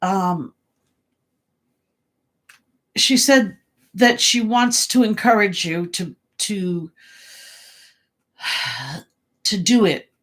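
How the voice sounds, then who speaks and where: A woman psychic giving live readings in a halting, casual way, with many fillers and repeated words. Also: mid-range voice, a bit bright. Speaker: psychic medium. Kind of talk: livestream reading, casual chat.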